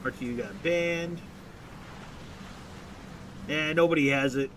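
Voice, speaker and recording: Young male streamer, high voice, profane rambling rant, faint rumble behind. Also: takes it slowly. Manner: profane, rambling, restarts and mocking quotes. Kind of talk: casual ranting commentary.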